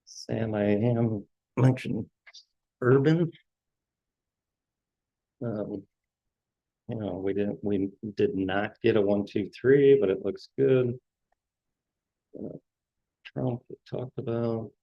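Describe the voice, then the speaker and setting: A man's voice: on the low side, dry recording, muffled recording. A man hosting a trading show, going through stock charts in casual market commentary and often restarting his words as he scans. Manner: halting, repeats words while scanning charts.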